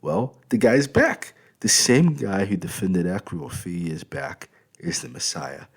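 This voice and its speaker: A man's voice: low-pitched, big pitch swings, a little slow, gravelly, husky, pitched above the performer's own voice, heavily acted. A man voicing a cheerful, tall middle-aged uncle who talks in an upbeat, eager way. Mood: excited.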